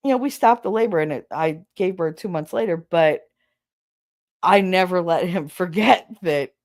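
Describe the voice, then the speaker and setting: A woman's voice: on the low side, moderate pace, darkish tone. A middle-aged woman hosting a podcast, telling a story in a casual, blunt and profane way, laughing as she goes. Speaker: podcast host.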